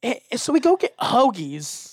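A man, a stand-up comedian, telling a casual, animated story and acting out the people in it. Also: very high-pitched, normal speed, slightly rough, no room sound, studio quality. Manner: animated, acts out quoted voices.

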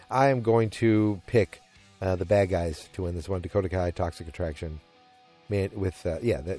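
Rambling man with a low voice. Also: a little mellow. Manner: rambling, hesitant, with many fillers and restarts. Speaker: wrestling commentator giving match predictions. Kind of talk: casual chat.

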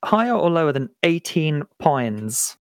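A man's voice: a little high, very animated, unhurried, no echo. A man from the UK co-hosting a casual podcast, playful and tripping over hard words. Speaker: podcast co-host. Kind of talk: casual chat.

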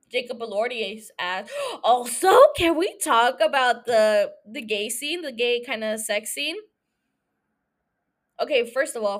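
High-pitched young woman podcasting alone, swearing and giggling, all over the place. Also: a bit bright. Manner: profane, giggly, scattered. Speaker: solo podcast host. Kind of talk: casual rambling rant.

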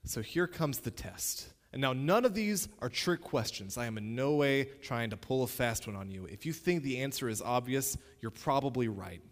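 Male teacher, playful and direct, very animated pitch, long reverb. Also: normal speed, few pauses. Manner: playful, direct, addresses the listener. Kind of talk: spoken lesson to camera.

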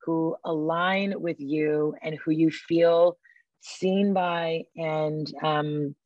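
A woman guest speaking on a podcast interview. She talks with enthusiasm and acts out little quotes in a lively way. Her voice sits a bit low and comes through a dull, dry remote line. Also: drawn-out words, dry recording. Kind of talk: casual interview talk.

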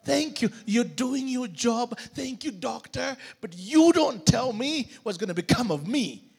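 Gravelly, animated preacher man. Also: very high-pitched, measured pace. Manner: dramatic, calls for congregation response. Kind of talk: sermon.

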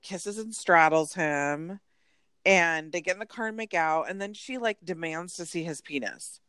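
A woman co-hosting a casual chat, animated and storytelling, full of "like" asides. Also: lowish voice, clean tone, dry recording, studio quality. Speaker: podcast co-host. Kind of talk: casual chat recapping a reality show.

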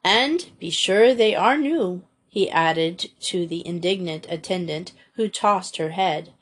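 A woman reading a storybook aloud in a measured, expressive way. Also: on the low side. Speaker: audiobook reader. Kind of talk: storybook narration.

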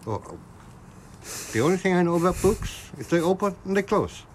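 A man's voice: high-pitched, sing-song, moderate pace, a little mellow, slight background noise, voice pushed up. A man putting on a cheerful, eager man with an Indian accent and a chirpy, repetitive, sing-song manner. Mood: rambling. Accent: Indian, put on.

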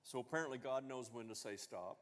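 A man's voice: mid-range voice, a little fast, long reverb tail. A man preaching a sermon as pastor, talking conversationally and asking the congregation questions. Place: church sanctuary.

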